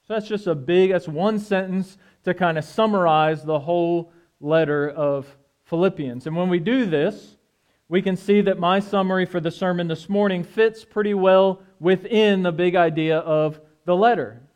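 A man preaching a sermon in a relaxed, conversational way, often checking in with the congregation. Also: high voice, normal speed, clean tone. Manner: conversational, asks "right?" often. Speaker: pastor.

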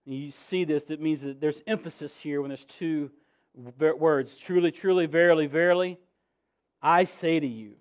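A man with a notably high-pitched voice preaches a sermon as pastor. He is earnest, repeats his key phrases and lets his emphasis swell and fall back. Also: a little slow.

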